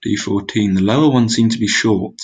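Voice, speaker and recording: A man's voice: fairly low pitch, fairly quick, darkish tone, slightly rough, rough recording. A young man muttering his way through a geography guessing game, exclaiming and mocking his own mistakes. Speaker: gaming video creator. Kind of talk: casual gameplay commentary.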